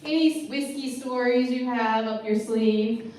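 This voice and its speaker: A woman's voice: on the high side, steady tone, measured pace, darkish tone, slight background noise. Bubbly sing-song female host, echoey. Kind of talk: hosting a comedy panel show. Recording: echoey room picked up from a distance.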